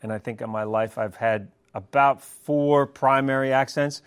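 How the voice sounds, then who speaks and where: A man's voice: mid-range voice, normal speed, smooth. Chatty man with a New Zealand accent. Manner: chatty, animated, laughs often. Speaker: guest. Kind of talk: casual interview chat.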